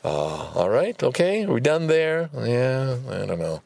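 A man hosting a casual solo podcast, ranting in an animated and profane way. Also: mid-range voice, a little slow, creaky, no room sound. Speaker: podcast host.

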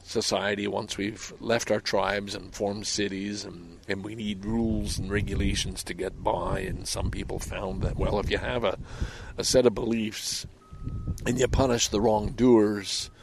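A man's voice: fairly low pitch, fairly even intonation, moderate pace, gravelly, a little mellow, a little hiss or hum. A man delivering a rambling, heated monologue outdoors by a lake. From Canada. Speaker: vlogger.

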